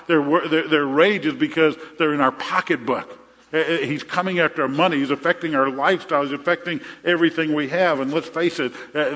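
A man's voice: a little high, a bit bright. A middle-aged man preaching a sermon as a pastor, conversational, often repeating his phrases and telling jokes. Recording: reverberant hall.

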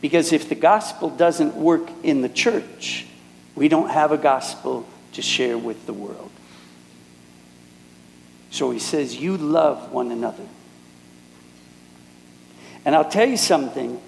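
An earnest middle-aged man from Minneapolis preaches to a congregation, his voice sitting a little high for a man. He tells stories and voices the people in them. Long reverb hangs on his words in a big hall. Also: unhurried, gravelly, slight background noise. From Minneapolis, United States. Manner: earnest storytelling, acts out quoted speakers. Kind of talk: sermon with personal stories.

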